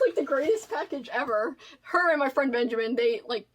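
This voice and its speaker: A woman's voice: high-pitched, expressive, fairly quick, slight background noise. A woman in her thirties chatting casually on a home vlog, gushing and rambling as she unboxes book mail. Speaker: booktuber.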